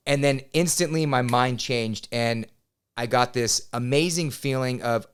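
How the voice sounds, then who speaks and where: Man, thirties, podcast guest; smooth clear voice, animated storyteller. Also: medium pitch, moderate pace. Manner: animated, swears, quotes himself loudly. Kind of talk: casual storytelling. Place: podcast studio.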